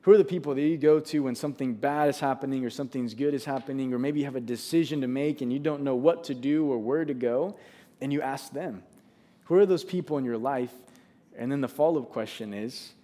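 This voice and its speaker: A man's voice: mid-range voice, dark tone. Earnest man preaching a sermon. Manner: earnest, conversational preaching with restarts. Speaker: pastor.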